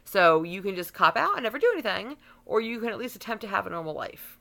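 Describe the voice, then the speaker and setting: A woman's voice: medium pitch, very animated, fast talker, vocal fry, sharp tone. A woman in her thirties delivering a blunt, profanity-laced rant to camera, heated and unfiltered, with bursts of laughter. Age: 30s. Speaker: vlogger. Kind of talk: profane ranting monologue.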